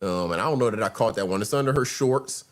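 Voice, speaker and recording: A man's voice: lowish voice, fast. A man hosting a reaction show, bluntly commenting on clips and calling his viewers y'all. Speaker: host.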